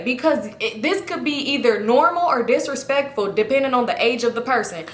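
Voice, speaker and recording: A young woman, telling a funny story in a casual storytime, animated and profane, acting out the people she quotes. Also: on the high side, a little fast, few pauses, reverberant.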